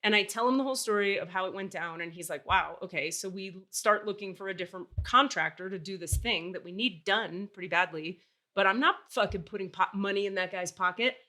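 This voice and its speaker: A woman's voice: mid-range voice, brisk. A woman in her forties hosting a podcast, telling a story candidly and with exasperation. She swears freely. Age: 40s. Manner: animated, acts out dialogue while telling stories. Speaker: podcast host.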